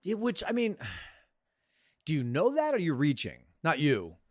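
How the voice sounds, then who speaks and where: A man's voice: a little high, huge pitch swings, measured pace, darkish tone, dry recording. Guy on a movie podcast, jokey and sweary, dry close mic. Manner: profane, jokey, slips into mock quotes. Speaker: podcast co-host. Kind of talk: casual movie-review chat.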